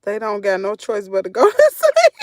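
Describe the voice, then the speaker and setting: A woman's voice: medium pitch, wildly swooping pitch, moderate pace, a little mellow, no room sound. A woman with a Southern American accent, chatting casually with her livestream viewers from a parked vehicle, reading comments and laughing often. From Southern United States. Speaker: channel host.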